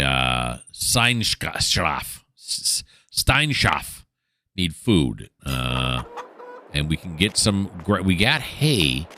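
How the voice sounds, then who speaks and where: Playing a farming game, this middle-aged man keeps up a rambling running commentary and talks to the in-game animals like a gaming channel host. He has a low voice with a sharp tone, and there's a little hiss or hum in the recording.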